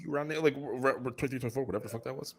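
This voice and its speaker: A young man co-hosting a podcast in casual chat, animated and laughing often, with frequent swearing. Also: mid-range voice, racing, slightly rough. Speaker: podcast co-host.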